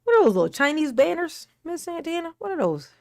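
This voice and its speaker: A woman's voice: high-pitched, sing-song, fast talker, gravelly, no room sound. A woman hosting a casual livestream, chatting and laughing, greeting viewers by name. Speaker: livestream host.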